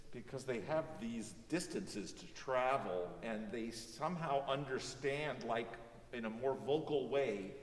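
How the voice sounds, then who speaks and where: A man's voice: mid-range voice, slight background noise. A man teaching a music master class, coaching a student and singing phrases to show what he means. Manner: animated, sings phrases to demonstrate. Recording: echoey hall, voice from far off.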